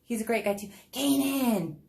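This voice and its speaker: A woman's voice: fairly high pitch, lively intonation, moderate pace, a little mellow. Chatty woman painting at home, bubbly, laughs a lot, talks straight to her viewers. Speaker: painter streaming live. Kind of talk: casual chat while painting live. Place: home room, not a studio.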